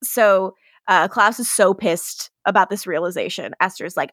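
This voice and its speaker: A woman's voice: mid-range voice, moderate pace, no echo, clean studio sound. A woman co-hosting a podcast, recapping a TV episode in casual chat, laughing and swearing often. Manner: giggly, profane, animated retelling. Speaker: podcast co-host.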